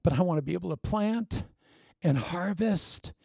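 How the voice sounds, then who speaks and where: A man's voice: sits high, animated, moderate pace, gravelly, darkish tone, husky, no echo, studio quality, pitched above the performer's own voice, exaggerated voice. A man voicing a grown daughter earnestly asking her father for more. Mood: pleading.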